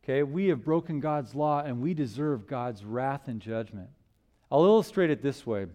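A man preaching a sermon in church, asking rhetorical questions and swinging between loud emphasis and hushed lines. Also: mid-range voice, expressive, moderate pace.

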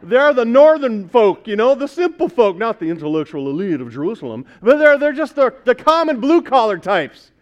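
A man's voice: extremely high pitch, big pitch swings, normal speed, hardly any pauses, lo-fi sound. A male pastor preaching a sermon in a conversational way, asking the congregation questions as he goes.

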